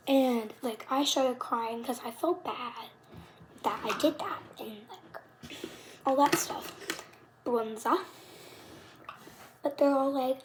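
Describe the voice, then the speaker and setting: A fifth-grade girl tells her story in a quick, dramatic vlog voice, dropping into whispered asides now and then. Her voice sits high, and a faint hiss runs under the recording. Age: child, fifth grader. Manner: chatty, dramatic retelling with many "like"s. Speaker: vlogger.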